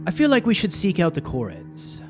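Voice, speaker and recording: A man voicing a solemn male fey guide in a tabletop game, talking in a measured, cautious, advising way. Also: sits high, wildly swooping pitch, over music, pitched above the performer's own voice. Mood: earnest. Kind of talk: tabletop character voice.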